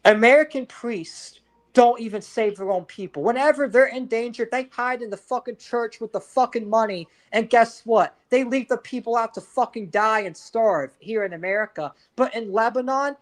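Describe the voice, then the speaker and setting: A man's voice: extremely high pitch, normal speed. A man co-hosting a podcast, ranting in heated, profane casual chat with frequent restarts. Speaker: podcast co-host.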